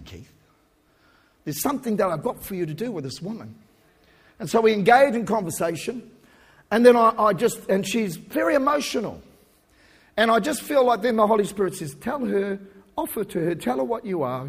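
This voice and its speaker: A man preaching a sermon as a story, swinging between loud preaching and soft asides. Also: sits high, slightly rough, big-room sound. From New Zealand. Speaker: pastor.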